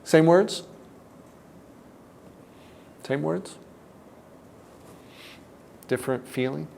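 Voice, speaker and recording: Man, self-help teacher; gravelly, measured delivery that sinks soft and low. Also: a little hiss or hum. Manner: deliberate, often drops to a soft, low tone. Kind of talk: reflective teaching talk.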